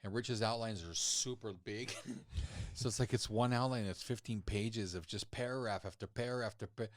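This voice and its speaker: A male actor talking as a podcast guest, relaxed and profane, laughing often and restarting his sentences. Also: fairly low pitch, moderate pace, dry recording. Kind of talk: casual chat. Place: podcast set.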